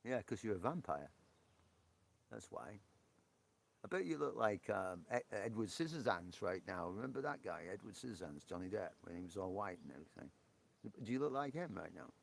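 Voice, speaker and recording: Male live stream host, chatty and jokey, laughs a lot, slightly low and rough-edged. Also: sing-song, moderate pace. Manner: chatty, joking, laughs often. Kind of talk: casual chat with viewers. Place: outdoor porch.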